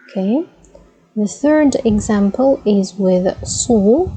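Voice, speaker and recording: A woman's voice: medium pitch, expressive, slow, dark tone, breathy edge, poor audio. A woman, teaching letter sounds patiently and checking in with frequent "okay?"s. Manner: patient, says "okay?" often, models sounds by repeating them. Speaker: Arabic teacher. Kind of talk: slow instructional explanation.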